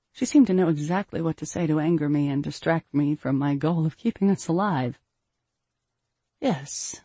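Breathy woman reading a fantasy story. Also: sits low, no echo. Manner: measured, steady storytelling. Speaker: audiobook narrator. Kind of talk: first-person fantasy narration.

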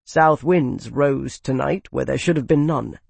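A narrator voicing a shrewd male advisor who speaks calmly and precisely, quietly cutting. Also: medium pitch, a little slow, creaky, husky, no echo, exaggerated voice. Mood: composed.

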